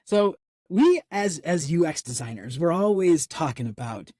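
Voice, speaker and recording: A man's voice: a little high, animated, normal speed, a little mellow, dry recording, studio quality. A man hosting his podcast in a casual, enthusiastic, gushing way. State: out of breath. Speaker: podcast host.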